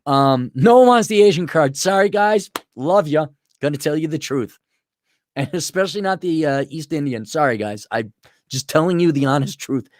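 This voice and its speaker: A man hosting an opinionated commentary monologue, rambling and animated, often slipping into mocking impressions. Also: a little high, normal speed, dry recording. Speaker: host.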